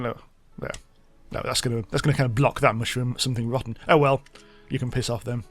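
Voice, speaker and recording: A man's voice: mid-range voice, steady tone, quick pace, no echo. A man hosting a let's play, giving rambling, self-mocking commentary as he thinks aloud. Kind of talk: casual gameplay commentary.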